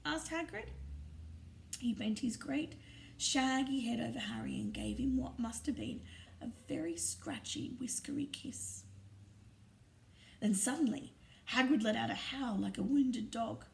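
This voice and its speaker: Woman reading a storybook aloud, hushed. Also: a little high, a little slow, vocal fry, slight background noise. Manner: expressive, hushed narration. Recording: roomy echo, distant mic, faint ambience.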